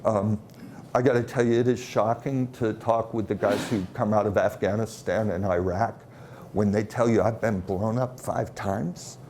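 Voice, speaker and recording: A man presenting at a conference, telling stories in a halting way with many fillers. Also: on the low side, steady tone, darkish tone, a little hiss or hum. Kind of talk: conference talk.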